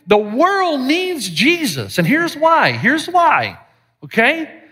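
A man preaching a sermon as pastor, animated and joking, with sudden shouted lines. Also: very high-pitched, takes it slowly. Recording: live sermon with long hall reverb.

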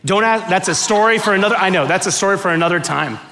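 A man from Miami preaching to a church audience, joking and acting out bits of dialogue in an animated way. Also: high-pitched, fast talker, creaky. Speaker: guest preacher. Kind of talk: sermon with comic storytelling. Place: church auditorium with live audience.

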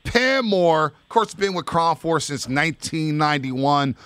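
A man hosting a sports radio talk show, excitable and emphatic. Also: a little high, normal speed, smooth, no room sound.

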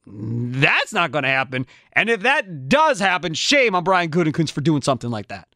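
A man's voice: on the high side, very animated, normal speed, few pauses, sharp tone, no room sound, studio quality. A man hosting a sports talk radio show, ranting in a fired-up way and firing off repeated rhetorical questions.

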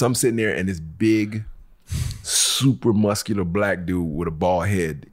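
A man with a very low voice spins a story on a casual podcast. He acts out every voice in his tale, laughs as he goes, and curses freely. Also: normal speed. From Los Angeles local. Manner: animated storyteller who acts out quotes, swears freely. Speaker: podcast co-host.

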